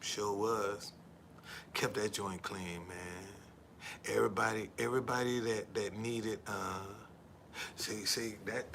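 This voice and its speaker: Low, creaky, yet bright and forceful, this man's voice comes through poor audio with slight background noise. He's a middle-aged tour guide and former van driver rambling on a livestream, repeating himself, saying "man," and earnestly preaching honesty.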